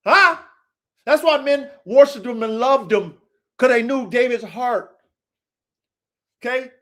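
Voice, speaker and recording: A man with a high, light voice holds forth to his viewers in a blunt, combative monologue. His talk is full of cussing and sermon-like swagger, delivered off the cuff. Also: a bit bright. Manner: aggressive, profane, preachy street talk. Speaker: show host.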